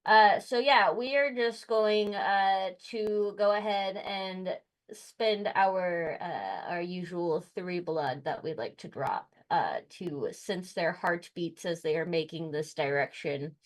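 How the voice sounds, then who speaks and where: A woman's voice: on the low side, takes it slowly, poor audio. A woman playing a tabletop game, describing her character's moves in a gleeful, rambling way. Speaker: player.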